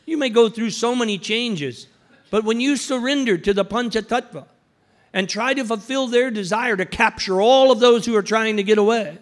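A man's voice: high-pitched, normal speed. A man preaching an anecdotal sermon, telling stories and acting out the voices of the people in them. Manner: storytelling, acts out quoted voices.

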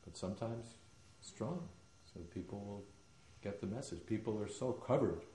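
A man's voice: lowish voice, moderate pace, warm tone, a little hiss or hum. A man giving a devotional lecture, telling stories emphatically with some hesitant fillers. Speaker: spiritual teacher. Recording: roomy echoing hall.

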